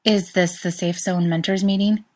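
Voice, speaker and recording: A woman's voice: fairly low pitch, steady tone, normal speed, close to an everyday voice. A woman voicing a shy, polite young male law professor who speaks hesitantly. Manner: hesitant, soft-spoken.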